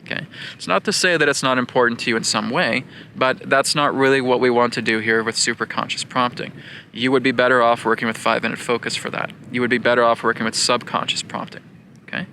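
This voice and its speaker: A man's voice: medium pitch, fairly even intonation, fast talker, sharp tone, slight background noise. A man giving an earnest spiritual lesson, repeating his points and often checking in with his listeners. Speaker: spiritual teacher. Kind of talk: spiritual teaching talk.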